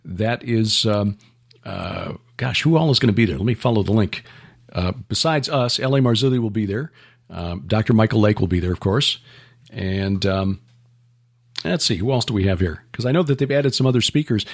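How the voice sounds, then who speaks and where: A man hosting a podcast, chatting casually about upcoming events with many fillers and restarts. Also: fairly low pitch. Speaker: podcast host. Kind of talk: casual chat.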